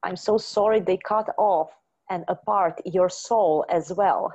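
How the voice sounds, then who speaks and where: A woman's voice: lowish voice, measured pace, darkish tone, slightly rough, lo-fi sound. A woman leading a guided healing session, chanting short words over and over and giving phrases for her guest to repeat. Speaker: spiritual healer.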